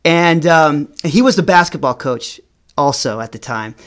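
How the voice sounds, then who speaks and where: A middle-aged man telling a personal story straight to the camera. His delivery is animated. He stretches out words for emphasis and often stumbles and repeats himself as he goes. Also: fairly high pitch, unhurried. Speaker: vlogger.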